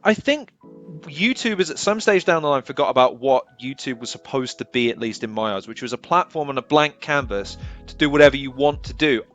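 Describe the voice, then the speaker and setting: A man's voice: medium pitch, expressive, brisk, a bit bright, faint music behind. Opinionated male host, swears freely. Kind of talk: casual interview chat.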